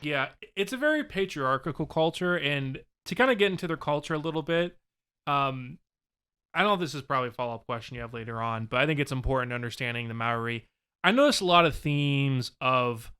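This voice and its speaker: A man's voice: medium pitch, brisk, sharp tone, clear, resonant tone. A man co-hosting a casual podcast, talking in a rambling way with plenty of ums. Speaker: podcast co-host. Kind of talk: casual chat.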